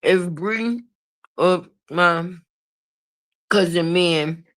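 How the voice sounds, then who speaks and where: A woman's voice: fairly low pitch, drawn-out words, a bit bright. A middle-aged woman giving casual live-stream commentary, brash and profane, laughing often at her own jokes.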